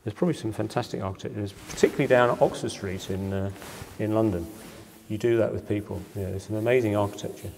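A middle-aged man with a somewhat low voice speaks to an audience in a lecture hall, his words trailing into a long reverb. He talks informally and conversationally as a developer explaining his work, leaning on "you know" and small hesitations. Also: quick pace, gravelly, a little mellow, a little hiss or hum. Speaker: property developer giving a public lecture.

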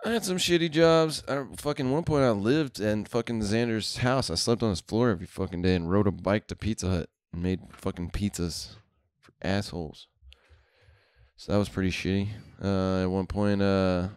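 Low-voiced guy telling stories. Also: fairly quick, a little mellow, clear, resonant tone, no room sound, studio quality. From Houston, Texas. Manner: profane, laid-back rambling with laughs. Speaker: podcast host. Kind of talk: casual storytelling chat.

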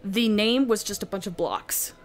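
A woman's voice: medium pitch, faint music behind. A woman co-hosting a let's play, chatting casually in a hesitant way with plenty of 'like'. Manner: slow, hesitant, lots of 'like'. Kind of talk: casual chat.

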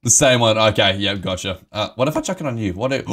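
Excitable swearing man streaming live. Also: lowish voice, fast talker, few pauses. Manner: excitable, swearing, emotional, laughing often. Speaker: game streamer. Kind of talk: live gaming stream chat.

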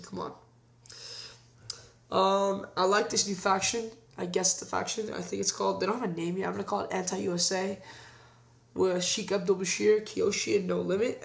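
Gravelly young man ranting a review. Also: high voice. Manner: opinionated, ranting. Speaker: wrestling show reviewer. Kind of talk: casual vlog review.

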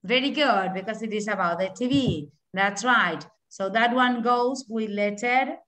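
A woman's voice: on the high side, measured pace, a bit bright. Woman, patient teacher running an online class, lots of praise. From Argentina. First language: Spanish. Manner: encouraging, repeats and praises answers, mixes in Spanish. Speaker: English teacher.

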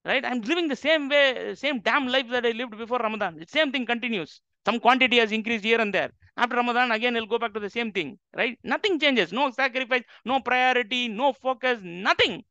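A man's voice: extremely high pitch, a little fast, few pauses, bright, forceful tone, smooth, dry recording. A man teaching on the Quran, emphatic and full of rhetorical questions to his audience. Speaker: Islamic teacher. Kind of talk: lecture on the Quran. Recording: dull lo-fi dry recording.

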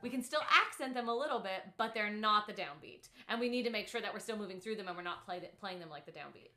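A woman's voice: mid-range voice, animated, fast, bright, forceful tone, echoey room. A woman teaching a one-on-one piano lesson, patient and upbeat, explaining step by step with many "like"s.

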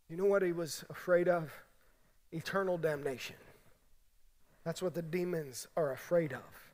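A man's voice: a little high, measured pace, long pauses, darkish tone, big-room sound. A man preaching a sermon as pastor, emphatic and conversational, often checking in with the congregation. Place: large church sanctuary.

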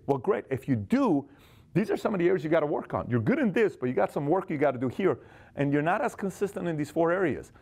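A man in his forties giving an energetic motivational business talk, acting out quick snatches of dialogue. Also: on the high side. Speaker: business speaker.

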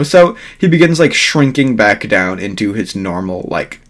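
A man's voice: on the low side, normal speed, hardly any pauses. Rambling man telling a what-if story. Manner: rambling, filler-heavy, swears freely.

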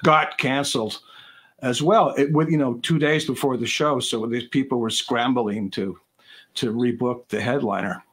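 A man from Canada chats on a video call as a guest. He rambles in a loose, self-deprecating way and jokes as he goes. His voice sits at an ordinary middle pitch. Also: moderate pace, fairly bright tone, husky. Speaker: guest musician. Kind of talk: casual interview chat.

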